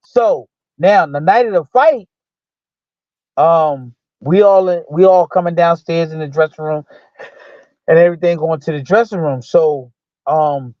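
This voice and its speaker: A man's voice: on the high side, measured pace, no echo. A man, a former boxer as a guest, casually telling a story and acting out the lines of the people in it, with loose speech full of restarts. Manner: animated retelling that acts out quoted dialogue. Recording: dull lo-fi dry sound.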